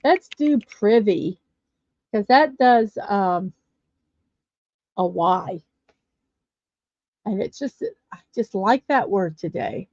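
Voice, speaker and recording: A woman's voice: medium pitch, lively intonation, takes it slowly, long pauses, a little mellow, dry recording. A woman hosting a casual livestream, chatting and reading viewer comments aloud. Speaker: livestream host. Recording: dull lo-fi dry stream audio.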